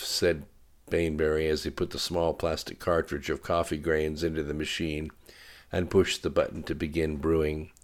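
Brief: male narrator, very low voice, steady scripted reading. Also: normal speed. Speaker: audiobook narrator.

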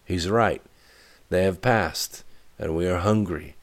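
A man's voice: low voice, takes it slowly. A man voicing a knowing male engineer in a storybook reading, matter-of-fact and explanatory. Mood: explaining.

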